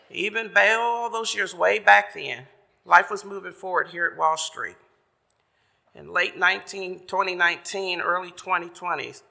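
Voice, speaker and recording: A man telling a sermon story in a folksy, chatty way, paraphrasing as he goes. His voice is fairly high, gravelly and bright. A long church reverb hangs after his words. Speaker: church member giving the message.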